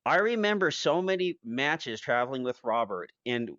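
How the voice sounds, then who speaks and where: A man hosting a podcast, telling stories in a rambling, animated way with many restarts. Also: medium pitch, normal speed, no room sound. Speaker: podcast host. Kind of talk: casual chat. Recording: dry, dull lo-fi podcast audio.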